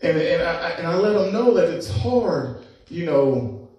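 A middle-aged man preaching a sermon as a pastor, telling a personal story in a lively, conversational way and laughing as he goes. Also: on the high side, a little slow, muffled recording. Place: church sanctuary. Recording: echoey church sanctuary from a distance.

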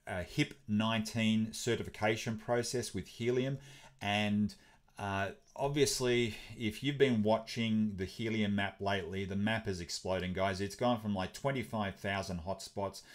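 A man's voice: on the low side, fairly even intonation, unhurried. A man hosting a crypto update video, talking casually with many fillers and restarts. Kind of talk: casual explainer commentary.

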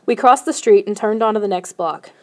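A woman narrating a first-person children's novel in a steady storytelling manner. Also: mid-range voice, a little fast. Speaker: audiobook narrator.

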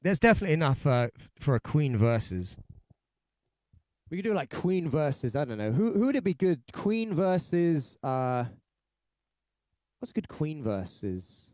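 A man's voice: fairly high pitch, very animated, moderate pace, a little mellow, no echo, studio quality. A man with a London accent hosting a casual livestream, chatting and telling stories in a rambling, jokey way with lots of restarts. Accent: London English. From London, England. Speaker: singer-songwriter livestream host. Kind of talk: casual livestream chat and storytelling.

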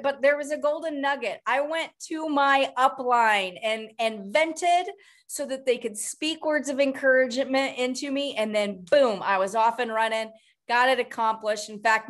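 High-voiced upbeat woman coaching a group. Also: a bit bright. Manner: upbeat, rambling, fast bursts of speech. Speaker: team coach hosting a group call. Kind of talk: motivational group coaching call.

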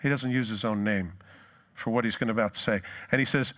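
A male pastor preaching a sermon, retelling scripture in a lively storytelling way and briefly acting out the people in it. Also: fairly low pitch, fast. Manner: animated storytelling, acts out quoted lines.

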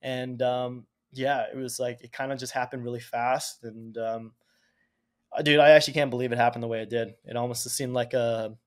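A man in his thirties from Canada, a podcast guest telling stories in casual chat, animated and cursing freely. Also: medium pitch, moderate pace. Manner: animated, swears casually, acts out quotes. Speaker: podcast guest, Olympic speed skater. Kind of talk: casual storytelling.

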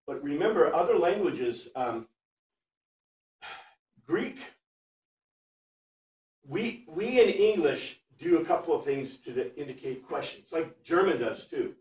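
A man teaching a Bible class, chatty and animated, reading Greek phrases word by word for his students. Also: fairly high pitch, takes it slowly, long pauses. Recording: echoey room, far from mic.

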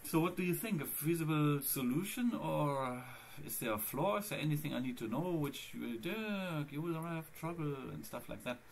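Fairly high-pitched and expressive, this man's creaky voice moves at normal speed with few pauses. He's a Linux vlogger in a casual screencast, rambling chattily about his computer setup and addressing viewers directly. A little hiss or hum sits under the audio.

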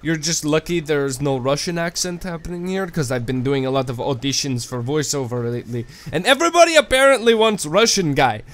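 A man giving casual, animated gameplay commentary, swearing freely and swinging between goofy outbursts and quiet mumbles. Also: fairly high pitch, a little fast, hardly any pauses. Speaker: let's play gamer.

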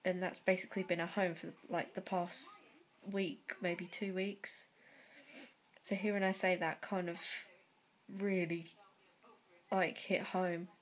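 A young woman talking to camera in a personal vlog, close to tears, halting and full of fillers and sighs. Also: lowish voice, level tone. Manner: slow, hesitant delivery. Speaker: vlogger.

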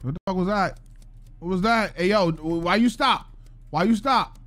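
A man's voice: high voice, normal speed, a bit bright, no room sound. A young man streaming live gameplay, cursing and agitated as he keeps telling other players to back off.

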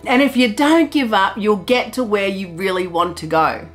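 A middle-aged woman artist giving an excitable, loud and enthusiastic pep talk to her viewers, laughing often. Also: mid-range voice, moderate pace, faint music behind. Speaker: artist vlogger. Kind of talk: motivational pep talk to camera.

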